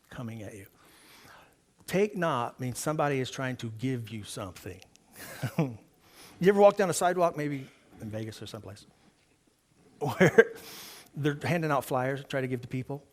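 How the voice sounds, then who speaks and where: A man preaching a sermon as pastor in a church service, talking to the congregation in a conversational way and asking them questions. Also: mid-range voice.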